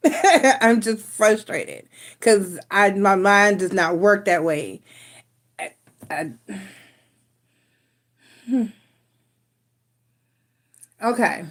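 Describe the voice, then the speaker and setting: A woman chats casually on her live stream and talks through her frustrations in a rambling way. She often starts over and trails off with sighs. Her voice sits at an ordinary middle pitch. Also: extremely slow, pauses often. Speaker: tarot reader and live stream host.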